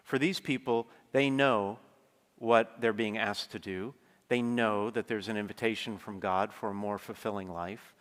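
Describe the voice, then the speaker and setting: A man's voice: lowish voice, fairly even intonation, unhurried, a bit bright. A man giving a conversational sermon, telling stories and often checking in with his listeners with asides. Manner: conversational storytelling, frequent asides to the congregation. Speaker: preacher. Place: large church. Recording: long church reverb.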